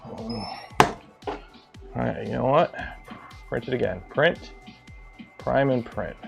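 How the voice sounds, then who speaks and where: Over music and lo-fi sound, a Canadian man's slow, creaky, mid-range voice carries his casual maker livestream. He rambles and jokes while building in his home workshop, swears occasionally, and talks to his machines.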